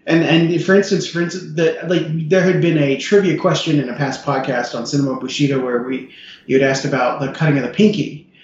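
A man's voice: on the high side, flat delivery, a little fast, reverberant, dull audio, a little hiss or hum. A man co-hosting a podcast, joking wryly in casual movie chat. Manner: wry, joking. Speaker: podcast co-host.

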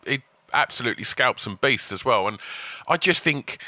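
A man co-hosting a podcast, talking in a relaxed, casual way with some hesitations. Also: mid-range voice, moderate pace, dry recording. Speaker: podcast co-host. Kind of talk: casual chat.

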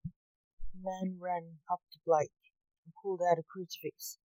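A woman narrates a story in a plain, even reading voice. She speaks slowly and in a lowish register. The sound is dry and close, with no room echo.

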